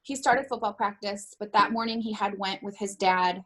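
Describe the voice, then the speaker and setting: A middle-aged woman being interviewed, recounting a painful personal account in a halting way and often stopping to correct herself. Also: mid-range voice, a bit bright. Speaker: interviewee, bereaved mother.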